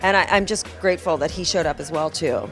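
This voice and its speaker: A woman's voice: low-pitched, quick pace, fairly bright tone, soft background music. A woman festival founder talking earnestly in a casual interview, rambling a little.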